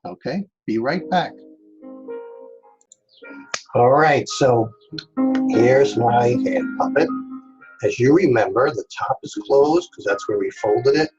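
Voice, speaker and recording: A man from Staten Island leads a children's craft lesson in a steady, mid-pitched voice. He goes slowly and speaks right to his young viewers. The recording is a little dull, with soft music in the background. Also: vocal fry. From Staten Island, New York. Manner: patient, step-by-step, talks directly to kids. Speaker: art teacher.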